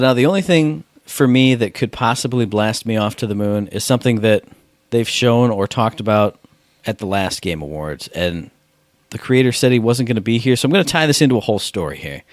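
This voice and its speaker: A man's voice: fairly low pitch, animated, normal speed, dry recording. A man co-hosting a casual gaming podcast, laid-back and joking as he spins wild stories. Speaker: podcast co-host.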